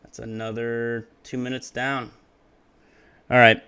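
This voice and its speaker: Bright-voiced male streamer, chatty. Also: medium pitch, flat delivery, takes it slowly, clean tone. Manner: restarts lines after flubs, chatty. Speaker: streamer narrating a story. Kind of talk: casual live-stream narration.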